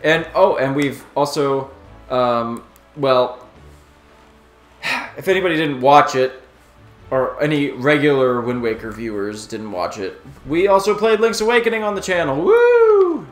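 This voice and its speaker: A man's voice: medium pitch, lively intonation, reverberant, faint music behind. A man hosting a let's play, chatting casually and rambling between laughs. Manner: laid-back, rambling, quick to laugh. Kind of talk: casual gameplay chat.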